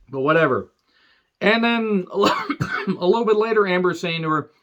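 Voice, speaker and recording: A man's voice: sits high, lively intonation, normal speed, long pauses, fairly bright tone, lo-fi sound. A man giving a sarcastic, rambling movie review rant full of asides.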